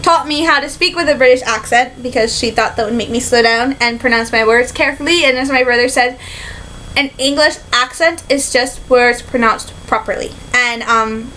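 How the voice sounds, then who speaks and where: Bright, excitable young woman from Michigan. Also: on the high side, moderate pace, slight background noise, low-quality recording. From Michigan, USA. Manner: excitable, rambling, many fillers and likes, slips into a put-on British accent. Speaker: vlogger. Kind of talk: casual recap vlog.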